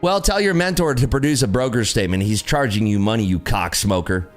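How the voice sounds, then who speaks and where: A man's voice: lowish voice, brisk, faint music behind. A man hosting a trading livestream, ranting in a brash, profane, taunting way. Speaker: livestream host and day trader. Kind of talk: casual livestream rant.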